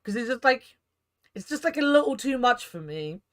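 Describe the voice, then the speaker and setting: A woman's voice: on the high side, sing-song, normal speed, a bit bright. A woman streamer chatting casually and rambling animatedly while playing a game. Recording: game music underneath.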